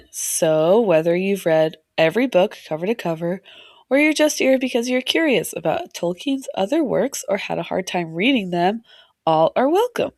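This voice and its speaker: A woman in her thirties co-hosting a podcast, hoarse and raspy from laryngitis, telling stories with lots of laughter. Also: medium pitch, moderate pace, no echo, studio quality. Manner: laughing, animated storyteller. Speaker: podcast co-host. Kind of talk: casual chat.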